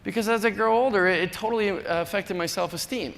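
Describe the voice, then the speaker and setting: Conference speaker, man in his 30s, bright tone, faint background noise, casual and self-mocking. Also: fast talker, vocal fry. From North Dakota, USA. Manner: chatty, self-deprecating, acts out quoted people in a higher voice. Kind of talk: keynote talk. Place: large conference hall. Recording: long hall reverb, faint noise.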